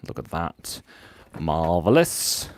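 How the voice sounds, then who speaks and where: A man's voice: deep voice, sing-song, takes it slowly, a little mellow. A cheerful, chatty man hosting a live drawing stream, constantly thanking viewers, on a clip-on mic. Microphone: clip-on lapel mic.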